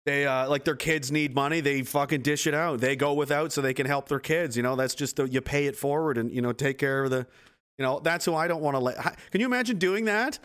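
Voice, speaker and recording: A man's voice: a little high, a little fast, fairly bright tone, clean tone. A man streaming live, reading viewer comments and ranting in a rambling, profane way while laughing at his own jokes.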